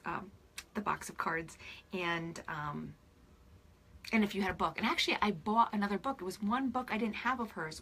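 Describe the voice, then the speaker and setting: A bright, husky woman in her forties talks straight to her followers through a phone or webcam, with a gravelly edge in her voice. She is emotional and teary and keeps slipping into soft whispers. She speaks as a spiritual life coach. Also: lowish voice. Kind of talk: casual direct-to-camera chat with followers.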